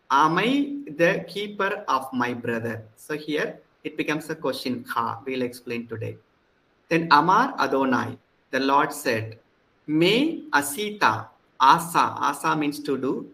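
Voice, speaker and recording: A man's voice: a little high, pushed and bright, rough recording. A man with an Indian English accent teaching a lecture, reading each Hebrew word and then explaining it, with frequent restarts. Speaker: Hebrew instructor. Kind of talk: classroom lecture.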